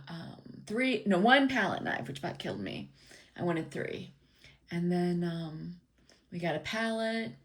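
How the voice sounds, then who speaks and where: A woman telling a personal story in a casual, meandering way, with many ums, acting out her father's lines. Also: on the low side.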